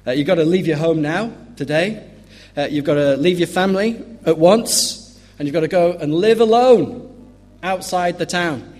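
A man's voice: fairly high pitch, normal speed, a little mellow, close to an everyday voice. A man voicing a matter-of-fact ancient priest who speaks bluntly, in a sermon. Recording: long hall reverb.

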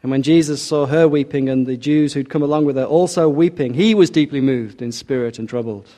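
A man delivers a sermon in an earnest, measured way. His voice is warm and mellow, and he slows down to let the key lines land. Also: medium pitch. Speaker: preacher.

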